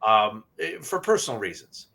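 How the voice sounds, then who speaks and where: A man co-hosting a paranormal podcast, telling a personal story in a halting, emotional way and often repeating himself. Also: on the low side, big pitch swings, creaky, bright, forceful tone. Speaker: podcast co-host. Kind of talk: casual storytelling.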